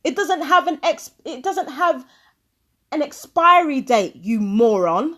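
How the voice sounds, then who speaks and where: High-voiced woman going off, swearing a lot, angry rant over a clip, keeps asking what are you talking about. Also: animated, unhurried, fairly bright tone. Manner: furious, profane ranting with repeated questions. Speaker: vlogger. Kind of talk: angry commentary over a played recording.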